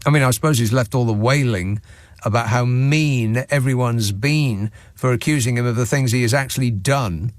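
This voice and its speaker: A man's voice: medium pitch, moderate pace, dry recording. A man hosting a late-night talk radio show from a studio, delivering a sarcastic, mocking monologue and reading out listeners' messages.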